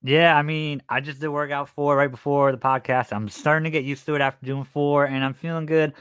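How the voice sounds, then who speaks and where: A man's voice: a little high, little pitch movement, a little fast, fairly bright tone, smooth, dry recording, clean studio sound. A young man co-hosting a podcast, chatting in an easygoing, teasing and candid way. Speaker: podcast co-host. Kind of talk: casual chat.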